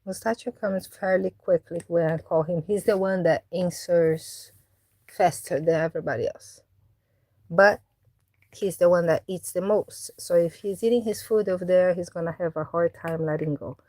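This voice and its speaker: A woman vlogging casually about her cats, coaxing them with meows and baby talk between relaxed explanations. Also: fairly low pitch, normal speed, no room sound. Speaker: cat owner and vlogger. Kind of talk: casual vlog narration.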